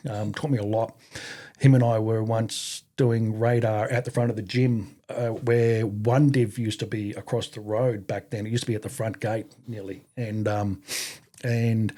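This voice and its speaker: A man's voice: on the low side, warm tone. An Australian man in his forties, a podcast guest telling army stories in casual chat, swearing freely and laughing as he goes. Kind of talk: casual storytelling interview.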